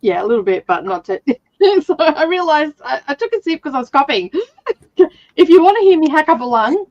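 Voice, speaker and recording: A woman's voice: high voice, sing-song, brisk, a little mellow, no echo, muffled recording. An Australian woman hosting a casual reading livestream, chatty and laughing often as she greets viewers. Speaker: reading sprint host.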